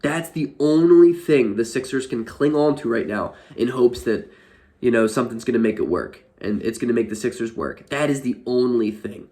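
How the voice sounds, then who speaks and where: A young man rants to his camera as a frustrated sports fan, rambling and exasperated, his words tumbling out with many fillers. His voice sits in an ordinary middle pitch. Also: expressive, moderate pace, dark tone. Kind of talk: casual ranting commentary.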